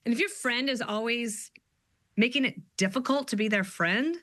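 A woman's voice: on the high side, normal speed, fairly bright tone, no room sound, clean studio sound. A woman guest author talking in a casual interview, chatty and upbeat, telling stories with playful quoted voices.

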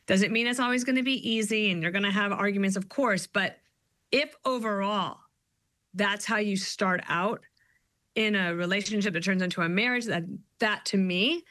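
A middle-aged woman, a guest author, talking in an animated, storytelling way. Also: mid-range voice, dry recording. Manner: animated storyteller, quick asides. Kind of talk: conversational interview.

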